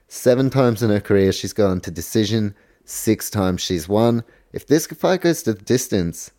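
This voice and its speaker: A man's voice: low-pitched, dark tone. A man hosting a casual solo podcast, rambling off on tangents, correcting himself and swearing now and then. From New Zealand. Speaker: podcast host.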